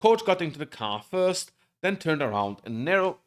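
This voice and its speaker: A man's voice: on the high side, very animated, moderate pace. A man streaming live, reading a visual novel aloud with emotion and intensity, sometimes stumbling over words. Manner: emotional, intense, with occasional slips. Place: home streaming setup.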